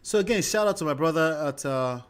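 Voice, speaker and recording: A man's voice: a little high, animated, fast talker, smooth. A man hosting a livestream and commenting on a clip, speaking emphatically and checking in with "okay?" and "right?". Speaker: livestream host.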